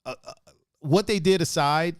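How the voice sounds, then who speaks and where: A man's voice: on the high side, moderate pace, smooth, no room sound, clean studio sound. A young man hosting a podcast in casual chat, telling stories with lots of laughs and swearing, acting out what others said. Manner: animated storyteller, swears, laughs often, acts out quotes. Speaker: podcast host.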